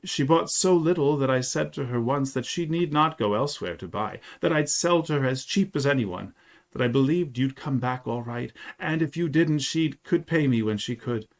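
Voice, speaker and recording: A man's voice: medium pitch, moderate pace, close to an everyday voice. A man doing a garrulous, folksy shopkeeper. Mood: warm. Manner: chatty, folksy. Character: good-hearted, garrulous old-time shopkeeper man.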